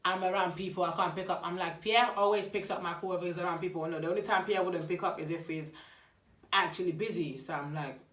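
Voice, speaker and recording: A young woman recounts a story in a casual vlog, voicing each side of the conversation. Her voice sits fairly low, and the room adds a noticeable echo. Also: fast talker. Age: young adult. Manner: chatty, animated retelling with quoted dialogue.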